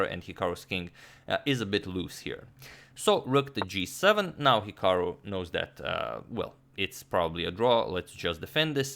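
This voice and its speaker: A man analyzing a chess game move by move, explaining with frequent pauses, restarts and filler sounds. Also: low voice, creaky, a bit bright. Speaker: chess commentator.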